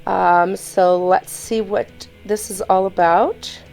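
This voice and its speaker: Gravelly-voiced woman reacting casually. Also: medium pitch, fairly even intonation, takes it slowly, darkish tone, soft background music. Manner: easygoing, conversational asides. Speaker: reaction video host. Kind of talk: casual commentary.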